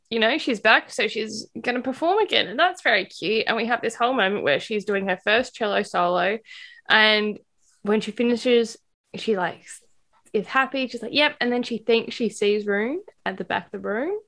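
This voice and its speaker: A woman co-hosting a book podcast, recapping the plot in a casual, animated way and acting out the characters' lines. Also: on the high side, normal speed. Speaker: podcast co-host.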